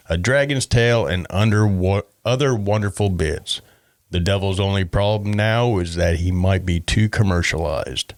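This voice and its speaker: A man's voice: lowish voice, dry recording, studio quality. A man co-hosting a paranormal podcast, reading a story with joking, sardonic asides. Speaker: podcast co-host. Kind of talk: casual chat reading out stories.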